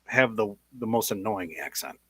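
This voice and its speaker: A man's voice: lowish voice, lively intonation, moderate pace, bright, forceful tone, breathy edge. A man hosting casual chat, teasing his guests and calling out listeners by name. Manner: playful, teasing, greets listeners.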